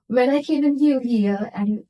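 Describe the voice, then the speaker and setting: A woman's voice: a little high, dark tone, low-quality recording. A woman from India, a nurse interviewing a guest and earnestly reflecting on her own experiences. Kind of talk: casual interview chat.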